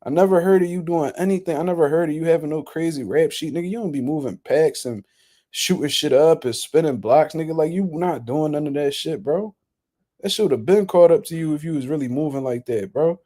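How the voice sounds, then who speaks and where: A man's voice: fairly high pitch, a little fast, warm tone. A man hosting casual boxing reaction commentary, ranting in a blunt, profane, incredulous way.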